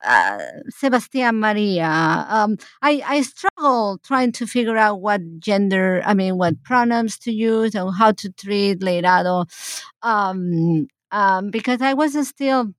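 A woman talks through her research in a rambling, halting way, full of fillers and restarts. Her voice sits at an ordinary pitch and sounds close and dry, with no room around it. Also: expressive, dry recording. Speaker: historian guest. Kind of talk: casual interview talk.

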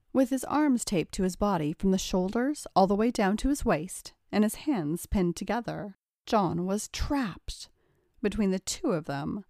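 A woman's voice: medium pitch, darkish tone, no echo. Woman reading a story, dry close sound. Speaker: narrator.

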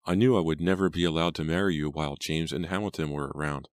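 A man's voice: a bass voice, fairly even intonation, fast, no echo. A man voicing a scornful young woman who practices witchcraft, in an imperious manner, reading an audiobook. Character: scheming young Southern belle witch, scornful. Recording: dry close studio sound.

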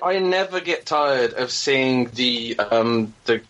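A man's voice: medium pitch, expressive, slow pace, a bit bright. A man chatting on a podcast roundtable, eager and salty-mouthed and prone to restarting his sentences. His voice sits in a middling range. The sound is a little dull and muffled, like remote podcast audio. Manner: enthusiastic, profane, rambling with restarts. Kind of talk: casual chat.

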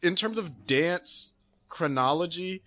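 A man co-hosting a casual podcast, talking in halting bursts and tripping over his words. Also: on the high side, expressive, a bit bright. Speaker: podcast co-host. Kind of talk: casual chat reviewing a documentary.

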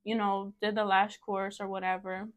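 A young woman talks as a guest on an interview show, easygoing and chatty. She drops casual curses as she tells her story and slips into quick impressions of other people. Her voice sits at an ordinary pitch for a woman. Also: little pitch movement. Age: young adult. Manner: chatty, swears casually, acts out quoted dialogue. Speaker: guest entrepreneur.

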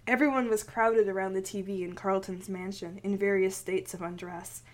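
A woman co-hosting a podcast, chatting casually and reading fan fiction aloud, bursting into high laughter as she goes. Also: fairly even intonation, moderate pace, heavy background noise. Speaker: podcast co-host.

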